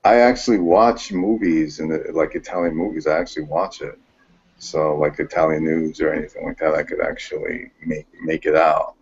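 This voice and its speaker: A man's voice: extremely low pitch, fairly even intonation, normal speed. A man in casual chat who talks hesitantly, with many ums and restarts. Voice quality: gravelly and husky. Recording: dull lo-fi recording.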